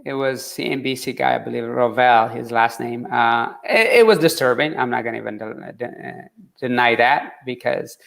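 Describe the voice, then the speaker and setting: Gravelly-voiced man, earnest and halting. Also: mid-range voice, fairly bright tone. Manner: earnest, halting, many fillers and restarts. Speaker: interview guest, marathon runner. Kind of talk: conversational interview.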